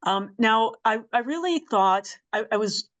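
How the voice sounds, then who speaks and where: A woman's voice: on the high side, expressive, a little slow. A woman hosting an interview, asking questions and affirming the guest often. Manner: warm affirming listener, frequent mm-hmms. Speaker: podcast host and interviewer. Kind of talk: casual interview chat.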